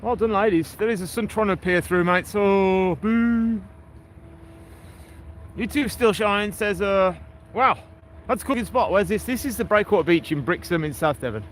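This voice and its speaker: A man's voice: high voice, moderate pace, a little hiss or hum, low-quality recording. A man, hosting a casual walking livestream by the sea and chatting to his viewers by name. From England. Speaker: livestream host. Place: outdoors on a seaside breakwater.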